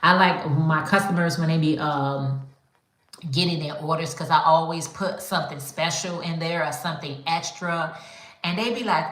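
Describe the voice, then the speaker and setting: A woman's voice: sits low, normal speed, a bit bright. A woman hosting a casual live chat, talking chattily and calling her viewers y'all. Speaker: livestream host. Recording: echoey room.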